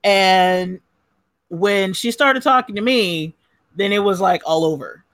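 A woman's voice: medium pitch, slow, a bit bright, no room sound. A woman from Southern California hosting a live call-in chat show, chatty and profane, often laughing. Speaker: podcast host taking calls.

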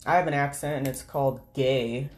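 A woman's voice: a bass voice, a little mellow. A woman vlogging at home as she job hunts on her computer, muttering to herself, swearing freely and reading job listings aloud. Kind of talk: casual talk while job hunting online. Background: keyboard typing.

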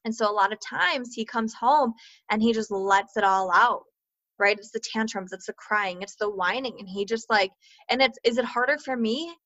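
Woman, 30s, frank host monologue, curses casually, higher voice, muffled dry sound. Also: normal speed, fairly bright tone, dry recording. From Minnesota, US. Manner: earnest, swears freely, many "like" fillers. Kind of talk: candid monologue to listeners.

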